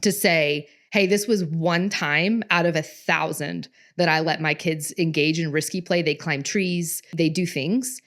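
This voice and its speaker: A woman's voice: low voice, unhurried, few pauses. Earnest woman telling a parenting story. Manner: earnest, storytelling, animated quoting. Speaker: podcast co-host. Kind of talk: casual conversation.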